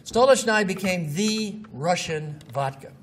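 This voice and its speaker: A man with a notably high voice gives a casual lecture with blunt, scoffing asides. He sits some distance from the mic, and a faint hiss runs under the recording. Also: expressive, measured pace, fairly bright tone. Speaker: marketing lecturer. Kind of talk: informal lecture with examples.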